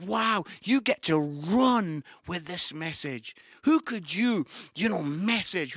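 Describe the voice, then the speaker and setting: A man preaching an online sermon, animated and enthusiastic, shouting some lines and growing soft and low at others. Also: no echo, clean studio sound. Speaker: pastor.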